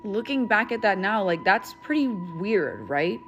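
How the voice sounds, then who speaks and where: A woman's voice: mid-range voice, sing-song, a little slow, a bit bright, muffled recording. A woman telling a casual storytime in an earnest, questioning way. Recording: music playing clearly underneath. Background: music.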